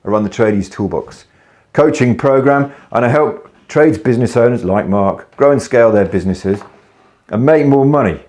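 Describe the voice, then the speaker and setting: A man's voice: mid-range voice, normal speed, a little mellow. A man, a business coach telling a story to camera in a casual, blunt way with some swearing. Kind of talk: casual video talk to camera.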